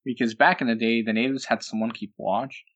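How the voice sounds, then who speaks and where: A man's voice: mid-range voice, steady tone, a little fast, fairly bright tone. Rambling, laughing podcast co-host man. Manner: rambling storyteller, laughs often. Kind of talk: casual chat.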